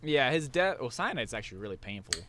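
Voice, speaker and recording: A man's voice: mid-range voice, very animated, fast, a crowd in the background. A young man hosting a casual chat, rambling through a recap with many restarts and fillers. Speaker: podcast host.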